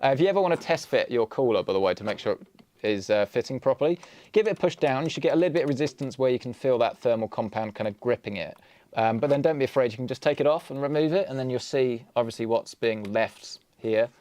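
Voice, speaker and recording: A young Englishman with a British accent talks through a computer build on a livestream. He keeps up a loose, joking patter and teases himself along the way. His voice sits at an ordinary pitch, and the recording is dry and close, with almost no room sound. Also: expressive, fast, darkish tone, no echo. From England. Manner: joking, self-deprecating, chatty asides. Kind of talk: casual livestream chat while building.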